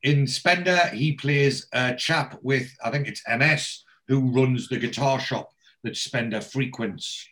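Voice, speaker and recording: Guy rambling through a tv episode recap, mid pitch, lots of asides. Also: a little slow, fairly bright tone. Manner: rambling storyteller, restarts and asides. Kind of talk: casual chat recapping a TV episode.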